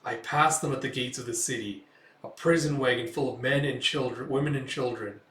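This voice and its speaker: A man's voice: mid-range voice, fairly even intonation, a little fast, fairly bright tone, lightly acted. Man doing a grim male swordsman, furious and blunt; roomy room. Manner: hard, furious.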